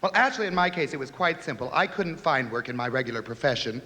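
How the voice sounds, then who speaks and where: A man's voice: mid-range voice, lively intonation, quick pace, bright, forceful tone. A middle-aged man in drag doing campy, flamboyant stand-up comedy on a TV stage. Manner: campy, flamboyant joke delivery. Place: TV studio stage before a laughing audience. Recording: 1970s TV audio with a live audience, hiss and hall reverb.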